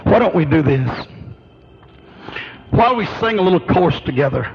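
A man preaching, his voice sitting high for a man. He drives each point home with an emphatic, rhythmic cadence. The recording sounds dull and lo-fi. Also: animated, moderate pace, husky. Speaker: pastor. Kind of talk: sermon.

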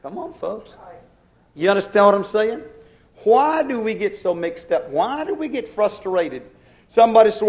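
A man's voice: high voice, big pitch swings, normal speed, a little mellow, low-quality recording. A male minister preaching a sermon in a folksy way, often calling out to his congregation.

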